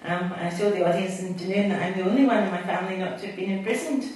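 A woman's voice: mid-range voice, fairly even intonation, rapid-fire, darkish tone, slight background noise. A middle-aged Scottish woman poet, chatty and self-mocking between readings, speaking to a live audience. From Scotland. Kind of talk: poetry reading with chat between poems. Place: event hall with a live audience. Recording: echoey hall, distant mic, faint audience.

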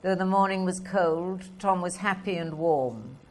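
A woman reads poetry aloud in a slow, measured way. Her voice sits low, and she lets each line settle before the next. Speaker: poetry reader. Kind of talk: poetry reading.

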